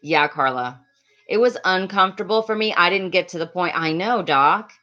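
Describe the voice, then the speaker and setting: A woman from Latin America chatting loudly and quickly on a live stream, reading and answering viewers' comments with frequent laughs. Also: on the low side, highs cut off. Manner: loud, fast, laughs often. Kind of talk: casual live-stream chat.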